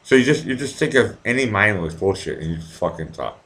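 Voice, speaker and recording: Talking a little fast in a lowish, lively voice, this Massachusetts man from near Boston runs a live stream, cursing and ranting as he reads viewer comments. He's in his 40s, and his rambling rants shift from mumbles into loud eruptions.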